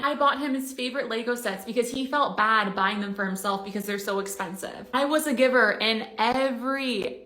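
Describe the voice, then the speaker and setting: A woman's voice: a little high, a bit bright, echoey room. A woman talking to her viewers in a confessional monologue, self-deprecating and wry. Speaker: vlogger.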